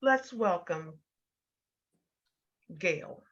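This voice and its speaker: Slow, bright woman host, muffled recording. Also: lowish voice, expressive. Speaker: program host. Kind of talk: reading scripted introductions.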